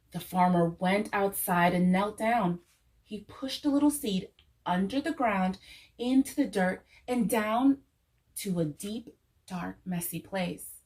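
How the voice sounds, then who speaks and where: Slow, gentle woman storyteller. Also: medium pitch, rough recording. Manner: gentle, with a repeated soothing refrain. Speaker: children's storyteller. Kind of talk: reading a children's story aloud.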